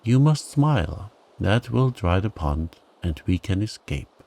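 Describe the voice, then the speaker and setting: A man's voice: on the low side, expressive, unhurried, gravelly, warm tone, exaggerated voice. A man voicing a fussy, earnest male talking frog in a storybook tale. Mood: coaxing.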